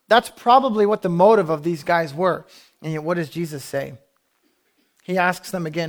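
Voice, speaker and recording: A man's voice: on the high side, brisk. A man preaching a sermon, telling the story emphatically and acting out the speakers he quotes. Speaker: pastor.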